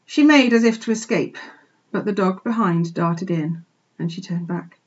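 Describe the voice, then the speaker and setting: A woman teacher expressively reading a children's book aloud for a remote class, pausing to point out pictures, on a dull lo-fi recording. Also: mid-range voice, husky. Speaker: primary school teacher. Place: home, remote lesson.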